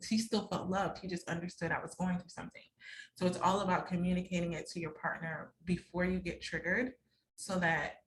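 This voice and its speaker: A woman hosting a podcast, giving relationship advice in a candid, conversational way and acting out the lines she quotes. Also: fairly low pitch. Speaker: podcast host and relationship coach. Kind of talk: casual advice talk.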